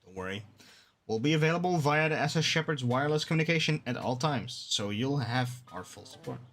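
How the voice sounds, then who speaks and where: Rescue-ship captain giving orders to a new recruit, as a man reads it aloud, bright tense voice, steady briefing tone, game dialogue. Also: medium pitch, a little fast.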